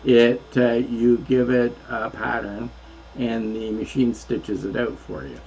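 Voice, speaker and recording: A man co-hosting a casual crafting livestream, explaining things slowly and patiently with some hesitation. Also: medium pitch, fairly even intonation, darkish tone. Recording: dull, lo-fi audio with faint noise.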